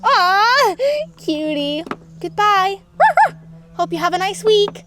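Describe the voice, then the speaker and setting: A woman playing with dolls and voicing every character in a playful, animated way, squealing on the rides. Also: extremely high pitch, slow. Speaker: doll play storyteller.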